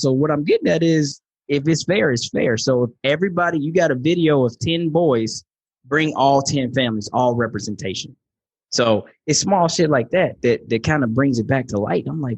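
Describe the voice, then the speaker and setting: A man's voice: mid-range voice, expressive, brisk, breathy edge, no echo, muffled recording. A middle-aged man, a podcast guest, talking with passion and profanity in casual conversation.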